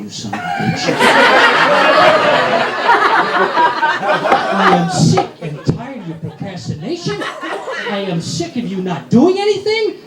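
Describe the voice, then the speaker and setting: A man's voice: very high voice, voice pushed up, exaggerated voice. A man voicing a furious, nagging middle-aged wife who shrieks insults on an answering machine. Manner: shrieking insults, then whimpering apologies. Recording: echoey club with loud audience laughter.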